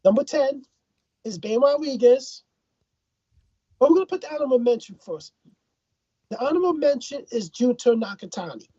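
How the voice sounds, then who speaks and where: A woman's voice: high-pitched, lively intonation, normal speed, long pauses, warm tone, slightly rough, no echo, lo-fi sound. A woman from Ireland co-hosting a casual boxing talk show, opinionated and given to repeating words while she thinks.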